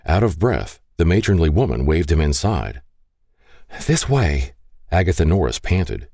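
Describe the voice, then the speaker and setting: A man narrating an audiobook in an expressive way. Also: extremely low pitch, moderate pace, gravelly, no room sound, clean studio sound.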